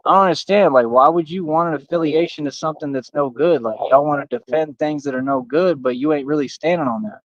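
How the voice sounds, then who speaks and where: Man, somewhat high voice, slangy direct-address stream rant, dry muffled lo-fi sound. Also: fast talker, hardly any pauses, no room sound. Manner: street slang, repetitive, talks straight to viewers. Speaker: livestream host. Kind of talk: casual livestream rant.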